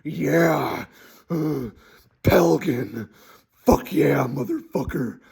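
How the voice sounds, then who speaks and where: A man voicing a greedy, scheming male city ruler who speaks gruffly and covetously. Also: fairly high pitch, animated, very slow, a little mellow, voice pushed down, full character voice.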